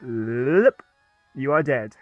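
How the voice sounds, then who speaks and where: Drawing out his words in an animated, medium-pitched voice, a man jokes his way through a let's-play session, chatting playfully as he games and laughing at his own jokes. The dry recording has faint music underneath and a dull, lo-fi sound.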